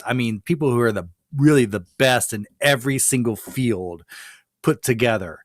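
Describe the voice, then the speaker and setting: A man's voice: mid-range voice, moderate pace, no room sound, studio quality. Rambling, laughing podcast host man. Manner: rambling, self-amused, frequent restarts and laughs. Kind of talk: casual chat.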